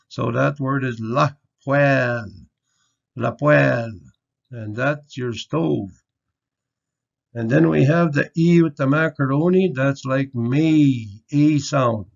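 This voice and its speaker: A man with a gravelly, creaky voice gives an online pronunciation lesson, taking his time over each sound. He explains in a patient, folksy way. The audio is muffled and lo-fi. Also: mid-range voice. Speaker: language teacher. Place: home or office, virtual conference.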